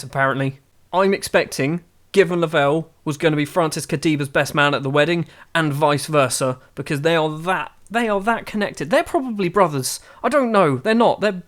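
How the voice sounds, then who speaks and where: A man giving chatty, self-mocking game commentary that gets excitable. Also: a little high. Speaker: gaming YouTuber.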